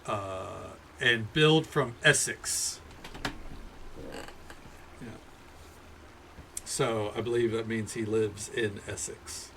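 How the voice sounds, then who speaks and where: A male streamer rambles casually over his gameplay, cursing and restarting his sentences. His voice is gravelly, with a bright, forceful edge. Faint background noise sits beneath it. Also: fairly low pitch, takes it slowly, pauses often. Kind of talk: casual gaming commentary.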